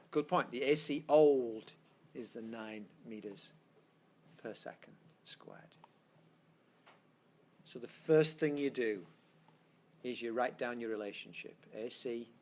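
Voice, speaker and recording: A man giving a physics lecture in a classroom takes his time, pausing often, with a mid-range voice and a darkish tone. He explains step by step, reasoning aloud and correcting himself, and the audio comes from a tablet screencast mic.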